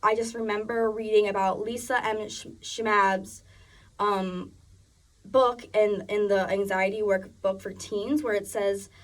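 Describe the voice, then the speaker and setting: A woman's voice: medium pitch, fairly even intonation, unhurried, distant mic. A young woman giving a personal narrative speech, chatty and full of restarts. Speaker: student speaker.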